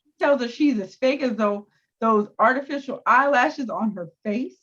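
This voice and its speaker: A woman co-hosting a casual review chat, recapping scenes in an animated, profane way. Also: on the high side, moderate pace. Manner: animated recapping with acted-out quotes. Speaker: co-host. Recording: dull lo-fi sound.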